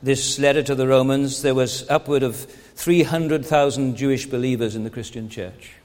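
A man's voice: medium pitch, steady tone, normal speed, darkish tone, long reverb tail. A man preaching a sermon in an earnest way, asking rhetorical questions and often stammering and restarting his phrases.

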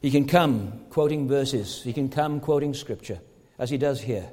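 A man preaching a sermon as pastor, emphatic and full of rhetorical questions, slowing down to stress his points. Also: mid-range voice, a little mellow, long reverb tail.

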